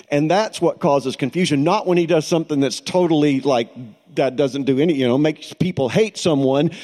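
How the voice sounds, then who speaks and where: A man's voice: on the high side, a little mellow. A middle-aged man preaching a sermon as pastor, in a conversational storytelling way with light laughs.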